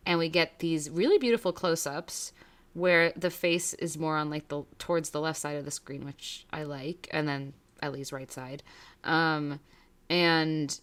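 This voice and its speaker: A woman's voice: low-pitched, unhurried, fairly bright tone. A young woman co-hosting a podcast, recapping a TV episode in casual chat, giggly and rambling with lots of fillers. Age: young adult. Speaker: podcast co-host.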